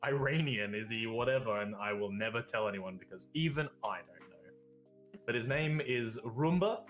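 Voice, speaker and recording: A man's voice: lowish voice, expressive, normal speed, fairly bright tone, faint music behind. An Australian man chatting as a guest on a podcast, blunt and casual, swearing now and then and laughing between points.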